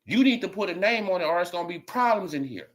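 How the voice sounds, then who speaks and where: Animated man ranting in slang. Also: fast. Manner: animated, swings from shouting to low mumbling, slangy. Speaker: boxing commentary channel host. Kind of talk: casual ranting commentary.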